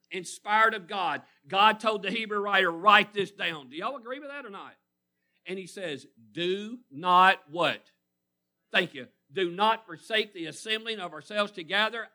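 A man preaching a sermon, calling out to the congregation and swelling to loud emphatic peaks. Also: on the high side.

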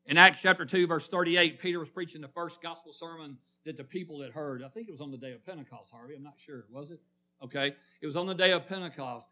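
A man delivers a church sermon in a fast, sharp, slightly high voice. Asking the congregation questions in call-and-response fashion, he singles out listeners by name.

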